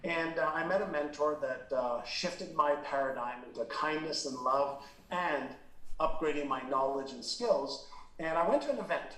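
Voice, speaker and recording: A middle-aged man from Israel tells his own story as an interview guest, earnest and full of feeling. His voice sits a little high for a man and sounds roomy, picked up from some distance. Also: lively intonation, moderate pace, a bit bright. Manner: earnest and emotional, with many fillers and restarts. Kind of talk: candid personal storytelling.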